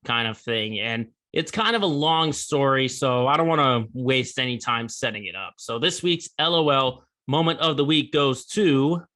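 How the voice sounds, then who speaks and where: A man's voice: medium pitch, expressive, moderate pace, hardly any pauses, sharp tone. A man hosting a sports podcast, giving opinionated, conversational commentary with emphatic bursts.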